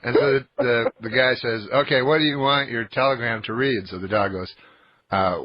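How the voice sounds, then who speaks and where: A man from Canada, a studio guest comedian, telling a joke in a slow, halting deadpan. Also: medium pitch, no echo, highs cut off. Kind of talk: casual radio banter and joke telling.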